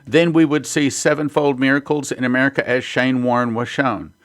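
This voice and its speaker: A man's voice: mid-range voice, fairly even intonation, brisk, a bit bright. A man hosting a prophecy ministry, teaching in a sermon style and reading headlines and quotes aloud earnestly.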